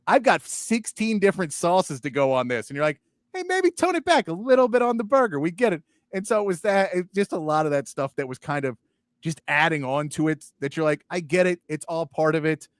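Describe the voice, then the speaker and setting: A male sports talk host chatting casually, animated and mocking, acting out lines as he goes. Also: a little high, brisk, no echo, studio quality. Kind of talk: casual chat.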